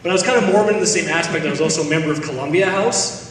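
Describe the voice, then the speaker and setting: Man, stand-up comic, high voice, storytelling and acting out dialogue, distant, echoey hall. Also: rapid-fire. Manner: storytelling, acts out dialogue, breaks into laughter. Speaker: stand-up comedian. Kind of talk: stand-up comedy set. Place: charity event stage, audience hall. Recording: echoey hall taped from far off.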